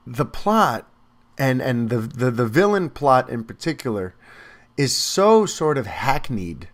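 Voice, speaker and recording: Animated man reviewing a film. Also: mid-range voice. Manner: animated, lots of fillers and restarts. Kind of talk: casual spoken movie review.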